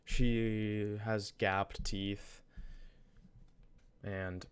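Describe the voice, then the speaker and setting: A man's voice: on the low side, little pitch movement, extremely slow, clean tone. A young man casually telling a story from his college day, rambling, restarting his sentences and using slang. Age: young adult. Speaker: vlogger.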